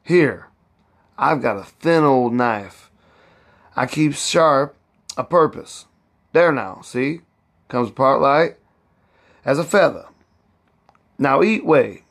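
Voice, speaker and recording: A man's voice: animated, vocal fry, a bit bright, full character voice. A man voicing an elderly woman cook who is proud and bossy, speaking in heavy old Southern dialect and scolding as she talks. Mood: boastful. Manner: raised pitch, drawn-out words.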